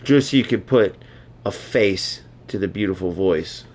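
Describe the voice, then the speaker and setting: A man's voice: deep voice, a little slow, a little mellow, slightly rough. A man talking casually while streaming a football video game, chatty and laid-back, often checking in with "right?" and "bro". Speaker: gaming streamer. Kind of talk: casual live-stream commentary.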